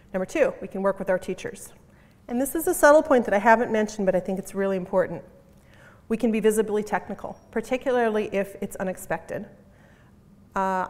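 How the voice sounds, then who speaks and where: A middle-aged woman giving a conference keynote talk in an emphatic, punchy way, repeating her key phrases. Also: mid-range voice. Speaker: conference speaker. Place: conference hall. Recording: long reverb of a conference hall.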